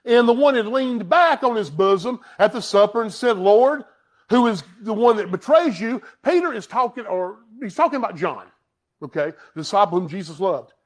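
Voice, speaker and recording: A man preaching a Sunday sermon to his congregation, his voice sitting unusually high and leaping around with lively inflection. He hammers points home loudly, then drops to a near hush for emphasis. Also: moderate pace. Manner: emphatic preaching that swings from loud to hushed. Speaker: pastor. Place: church sanctuary.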